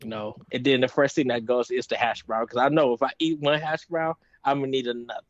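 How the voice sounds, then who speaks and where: A man's voice: mid-range voice, steady tone, quick pace, no room sound. A man hosting a podcast over a video call, chatting casually with hesitant fillers and steering the talk with questions. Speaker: podcast host. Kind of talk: casual chat. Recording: muffled video call audio.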